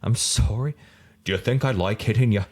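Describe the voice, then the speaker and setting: A man's voice: fairly low pitch, normal speed, darkish tone, breathy edge, pitched above the performer's own voice. A man putting on the voice of a timid, nervous housewife, meek and apologetic.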